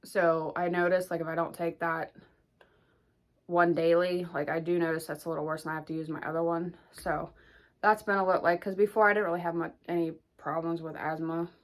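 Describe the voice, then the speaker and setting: A woman's voice: on the low side, fairly even intonation, fairly quick. A young woman rambling casually through a pregnancy update vlog, full of "like" and restarts, a little out of breath. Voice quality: rambling, filler-heavy with lots of "like". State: slightly out of breath. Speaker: vlogger.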